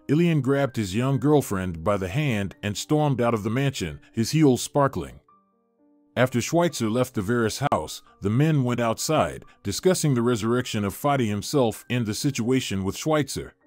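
Male narrator for drama story, lively pitch, dry close recording, faint music under. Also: no room sound.

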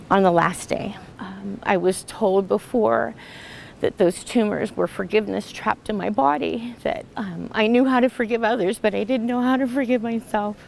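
A woman's voice: mid-range voice, creaky, a little mellow, a little hiss or hum, low-quality recording. A woman sharing an emotional personal testimony, earnest and full of restarts and fillers. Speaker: retreat participant sharing a testimony.

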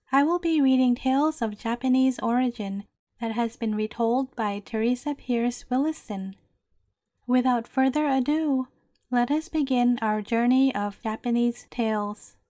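A woman storyteller reading a bedtime fairy tale aloud in a gentle, measured way. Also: a little high, dry recording, clean studio sound.

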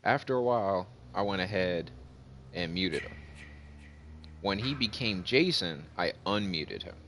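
A man hosting his gaming channel, casually telling a story over gameplay, getting animated as the story builds. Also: low-pitched, measured pace, a little hiss or hum. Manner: animated storyteller, voice jumps up when retelling. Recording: faint music behind.

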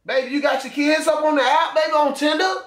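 A man's voice: extremely high pitch, fairly even intonation, fast, fairly bright tone. A young man giving loose, crude, teasing commentary as he reacts on his own channel. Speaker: YouTuber. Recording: echoey room.

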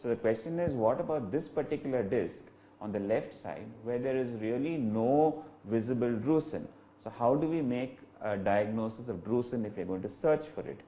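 A man, an eye doctor, giving a clinical webinar lecture in a measured, explanatory way with frequent "uh" fillers. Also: medium pitch, lively intonation, highs cut off, a little hiss or hum. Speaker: ophthalmologist lecturer.

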